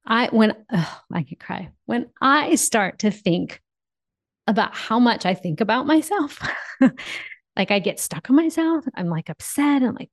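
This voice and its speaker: A woman's voice: on the high side, expressive, a little slow. Emphatic preacherly woman co-host. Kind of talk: faith-based podcast conversation.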